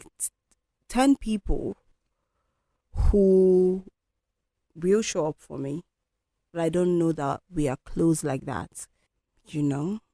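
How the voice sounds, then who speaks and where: A woman's voice: lowish voice, a little mellow, no room sound, clean studio sound. A woman hosting a solo podcast, talking in a candid, reflective, conversational way. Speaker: podcast host.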